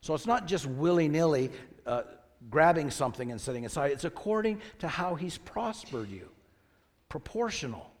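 A man's voice: a little high, in a large hall. A man preaching a sermon as pastor, reading scripture aloud with rising emphasis and asking the congregation questions.

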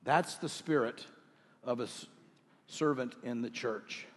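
A middle-aged male pastor preaching a sermon to his congregation, earnest, with rhetorical questions and slow scripture readings. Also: medium pitch, breathy edge, in a large hall. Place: church sanctuary.

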